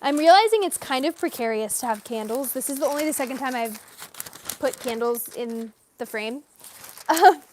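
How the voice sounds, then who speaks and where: A woman's voice: high voice, animated, fairly quick, a little mellow, a little hiss or hum. A young woman chatting casually with viewers as she draws on a livestream, rambling and reading comments aloud. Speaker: artist livestreaming a drawing session. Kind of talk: casual live-stream chat while drawing.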